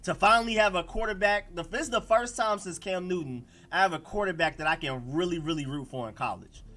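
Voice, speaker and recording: Speaking a little fast in a high-pitched voice, a man with an Atlanta accent hosts a laid-back sports livestream. He responds to the live chat with animated slang.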